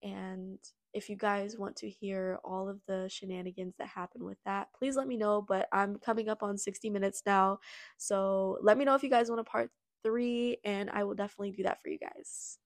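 A young woman talks casually into her own podcast, with a voice of ordinary middle pitch. She tells her story bluntly and swears freely. Her talk rambles and is full of "like" and restarts. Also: steady tone, moderate pace. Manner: rambling, heavy use of "like" and restarts. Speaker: podcast host. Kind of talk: casual personal storytelling monologue.

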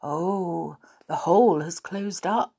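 A woman voicing a male snowman in a storybook reading, in a soft, whispery, snowy voice. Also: mid-range voice, very animated, very slow, creaky, heavily acted. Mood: calm.

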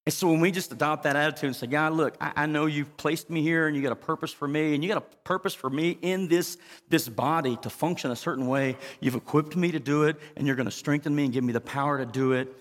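A man's voice: on the high side, steady tone, fast. Emphatic male pastor in a reverberant church. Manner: emphatic, asks the congregation for responses. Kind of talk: sermon.

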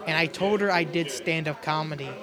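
Comedian guest, high male voice, rambling self-deprecating storyteller, crowd noise behind. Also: a little fast. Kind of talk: casual chat.

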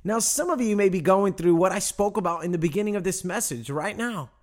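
Animated high-voiced preacher man. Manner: animated preaching, emphatic with slow drawn-out phrases; addresses congregation directly, asks them to respond. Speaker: pastor. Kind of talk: sermon.

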